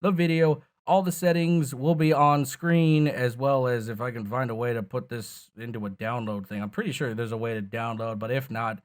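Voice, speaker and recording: A man's voice: mid-range voice, steady tone, moderate pace, hardly any pauses. A tired man hosting a gaming channel, explaining casually in a rambling, profane, self-deprecating way. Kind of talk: casual tutorial chat.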